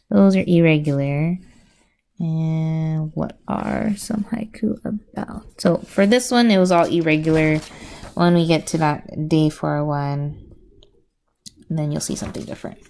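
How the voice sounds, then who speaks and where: A woman teacher calmly walking through a classroom routine step by step in a recorded lesson video. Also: fairly low pitch, vocal fry. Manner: slow, deliberate, explains step by step.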